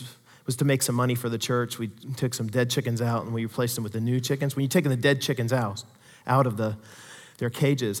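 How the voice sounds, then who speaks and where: A man preaching a sermon, swinging from quiet storytelling asides to loud, emphatic peaks. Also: medium pitch. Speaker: pastor. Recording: long hall reverb.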